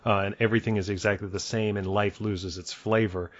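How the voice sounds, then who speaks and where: A man leading a casual book discussion, thoughtful and halting, with many fillers. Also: fairly low pitch, fairly even intonation, dry recording, lo-fi sound.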